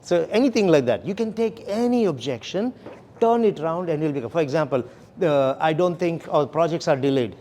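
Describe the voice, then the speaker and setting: A man's voice: on the high side, animated, brisk, warm tone, slight background noise. A man leading a sales training session, explaining steps and often checking in with "okay?" and "right?". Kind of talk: classroom training lecture.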